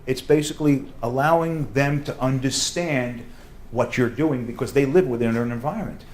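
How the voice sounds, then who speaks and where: A man with a New York accent teaching a sales seminar, talking fast and loud with a joking, animated manner. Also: medium pitch, slight background noise. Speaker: sales trainer. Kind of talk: classroom sales seminar talk.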